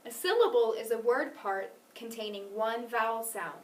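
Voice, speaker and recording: A woman teaching a phonics lesson, patient and clear, stressing syllables carefully and encouraging her student. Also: on the high side, expressive, moderate pace, distant mic. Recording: echoey room, voice from off mic.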